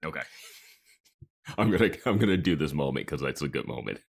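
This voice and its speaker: A man's voice: very deep voice, big pitch swings, normal speed, creaky. A man co-hosting a podcast, chatting casually about an episode and laughing often. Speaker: podcast co-host. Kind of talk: casual chat recapping a TV episode.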